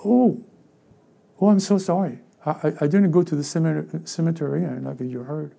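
Man, pastor, French accent, high gravelly voice, sermon, animated. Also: brisk. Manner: animated, acts out voices of church members.

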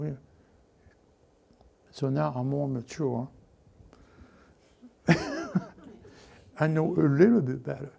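A male pastor preaching a sermon in an animated way, acting out quoted voices and often restarting his sentences. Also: medium pitch, a little slow, vocal fry, long pauses, breathy edge.

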